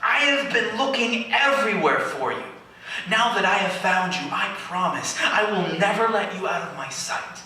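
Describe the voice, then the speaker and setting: A man voicing a tender young woman who has found her love, delivered slowly and deliberately, recorded far off in an echoey venue. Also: sits high, lively intonation, bright, forceful tone, slight background noise, full character voice. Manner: slow, deliberate poetic delivery.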